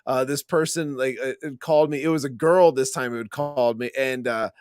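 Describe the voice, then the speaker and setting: A man co-hosting a podcast who tells stories in a chatty, halting way, often restarting. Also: mid-range voice. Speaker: podcast co-host. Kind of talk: casual podcast chat.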